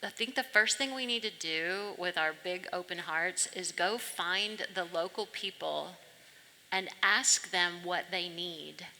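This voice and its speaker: A woman's voice: lowish voice, a little slow, sharp tone. A woman speaking on a panel, telling a story from her own work in an earnest way. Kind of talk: panel discussion, anecdote. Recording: reverberant hall.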